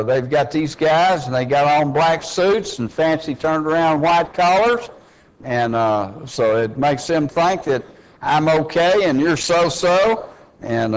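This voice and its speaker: A man's voice: a little high, low-quality recording. A man preaching a sermon, emphatic and plain-spoken with folksy asides, his voice climbing as he drives his points home.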